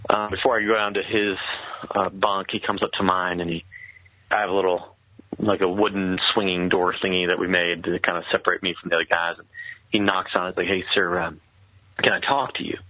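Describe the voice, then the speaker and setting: A man telling a personal story in earnest, halting conversational speech with many restarts. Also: low voice, level tone, no room sound. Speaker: guest telling his story. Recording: tinny, phone-like sound.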